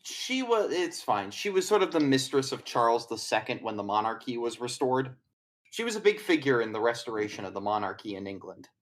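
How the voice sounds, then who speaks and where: A man's voice: medium pitch, sing-song, brisk. A man running a tabletop game as game master, narrating in a casual, rambling way with swearing.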